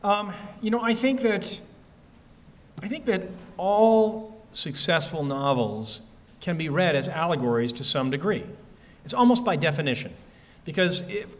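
A man's voice: sits high, slight background noise. Conversational man at a library Q&A. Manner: relaxed, conversational, many fillers and restarts. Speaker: author answering audience questions. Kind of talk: bookstore-style author talk and Q&A. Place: library event hall.

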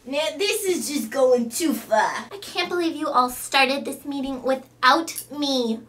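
A woman's voice: sits high, unhurried, a bit bright, recorded from a distance. A woman voicing a snooty, whiny preppy valley girl. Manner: whiny, bratty.

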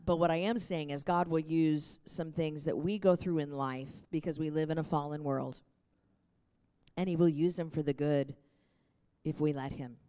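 A woman's voice: sits low, darkish tone, clean tone. A middle-aged woman preaching a sermon in an earnest, encouraging way. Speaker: pastor.

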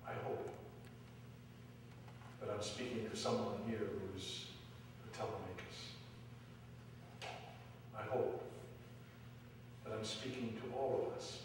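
A man preaching a sermon as pastor, telling a story that swells to loud dramatic peaks and falls back to quiet. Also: steady tone, slow pace, pauses often. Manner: storytelling, rising to loud dramatic peaks then dropping low. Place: church sanctuary. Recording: echoey hall from far off, faint hiss.

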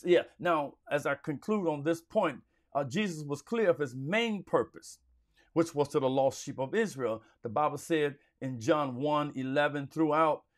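A man teaching a Sunday school Bible lesson in a preacherly, emphatic way, repeating phrases for stress. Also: on the high side.

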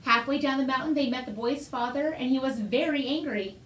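A woman reading a children's picture book aloud with lively, expressive narration. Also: high-pitched, fairly quick. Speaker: storyteller. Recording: roomy echo.

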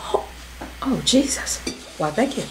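A woman's voice: a little high, lively intonation, measured pace, background noise. Chatty, slangy young woman reacting. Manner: chatty, slangy, swearing and laughing often. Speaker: reaction video host. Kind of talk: casual reaction commentary.

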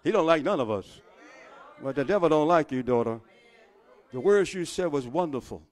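High-pitched shouting preacher man. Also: expressive, normal speed. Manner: call-and-response preaching, rising to shouts. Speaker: pastor. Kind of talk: sermon. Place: church pulpit.

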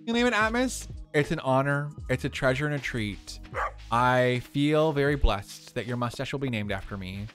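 A man's voice: medium pitch, expressive, normal speed, a bit bright, soft background music. A young man in drag live-streaming a farming game, chatting casually with viewers and answering their questions with lots of fillers.

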